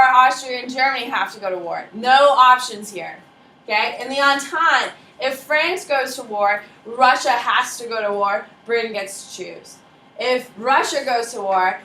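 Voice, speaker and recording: A woman gives a history lecture in a bright, slightly high voice, joking with the class and quizzing students by name. She is recorded from across an echoey classroom, with faint ambience behind her. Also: recorded from a distance, slight background noise. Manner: lively, casual, jokey, quizzes students by name. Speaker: history teacher.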